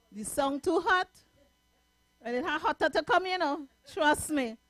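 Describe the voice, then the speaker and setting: High-voiced Trinidadian woman calypso singer. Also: expressive, unhurried, a bit bright, dry recording. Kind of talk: live stream performance chat.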